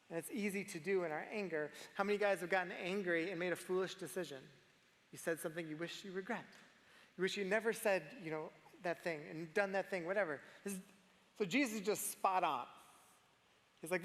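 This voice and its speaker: A man with a high, light voice preaches a sermon in a relaxed, conversational way. He often sinks to a near-hushed voice for emphasis, and his words ring out with the long reverb of a large church hall. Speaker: pastor.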